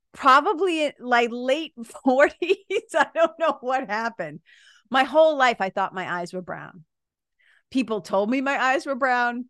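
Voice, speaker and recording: A woman around fifty tells a story in an animated, casual way. She laughs as she talks and swears freely. Her voice sits a little high, and the close mic sounds dry. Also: dry recording. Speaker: podcast host.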